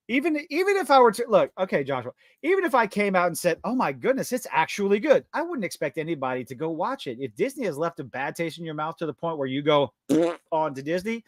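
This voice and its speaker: A man with a fairly high voice rants bluntly on a casual livestream, swearing freely as he builds up steam. His sound is dry and close to the mic. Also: no room sound. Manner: blunt, profane, ranting. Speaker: podcast co-host.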